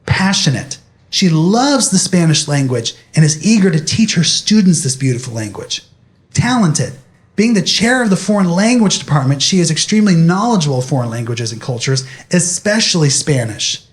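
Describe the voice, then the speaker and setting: A man's voice: a little high, very animated, normal speed. A young man speaking animatedly to an audience, telling a personal story in a motivational talk.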